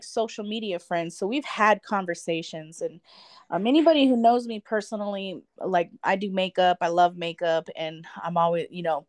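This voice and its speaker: A woman in her thirties tells a personal story as a guest. She talks in a loose, chatty way, full of fillers and quick laughs. Her voice is close and dry, with no room sound. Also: medium pitch, dry recording. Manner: chatty, many fillers, laughs between thoughts. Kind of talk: casual storytelling.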